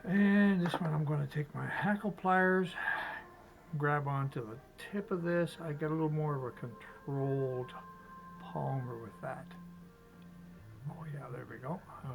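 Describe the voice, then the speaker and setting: A man demonstrating fly tying step by step, chatty and relaxed, talking to himself as he works. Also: a little high, vocal fry, poor audio. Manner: chatty, talks to himself while working, chuckles.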